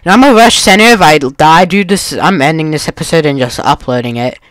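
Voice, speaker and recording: A man's voice: on the high side, brisk, fairly bright tone. A man giving live gameplay commentary, ranting in frustration and tacking "dude" onto nearly every line. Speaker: gaming video creator.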